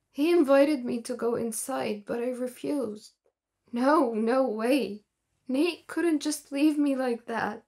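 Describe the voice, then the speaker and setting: A woman's voice: sits high, darkish tone. A young woman narrating her own story in the first person, in an earnest, plain manner.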